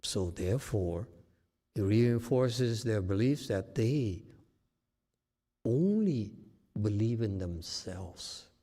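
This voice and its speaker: A male meditation teacher giving a dharma talk, emphatic and often checking with his listeners whether his point is clear. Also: fairly low pitch, lively intonation, slow pace, pauses often, mellow.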